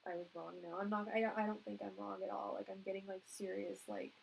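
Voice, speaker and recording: A woman's voice: mid-range voice, level tone, quick pace, vocal fry, background noise. A young woman giving a live-stream tarot reading, chatty and emotional, with frequent laughter. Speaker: tarot reader.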